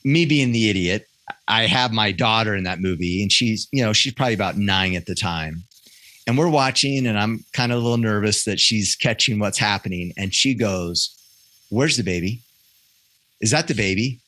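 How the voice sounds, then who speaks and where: A man in his thirties speaks as a podcast guest, candid and earnest, circling back and restarting his sentences as he tells a personal story. His voice sits a little low but has a bright, forward edge. The sound is close and dry, with no room around it. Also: normal speed, no echo. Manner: earnest, self-correcting storyteller with frequent restarts. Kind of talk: candid conversational interview.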